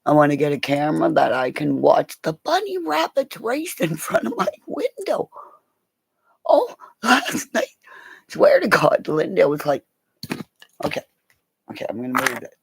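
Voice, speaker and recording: Gravelly, excitable woman telling stories on a livestream. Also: low voice, unhurried, long pauses, poor audio. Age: middle-aged. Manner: excitable, laughing, swearing, jumping between stories. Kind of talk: casual storytelling on a livestream.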